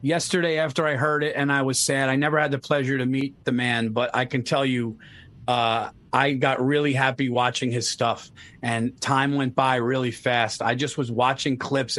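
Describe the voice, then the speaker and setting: A man in casual chat on a video call, excitedly retelling jokes with plenty of swearing. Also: medium pitch, moderate pace.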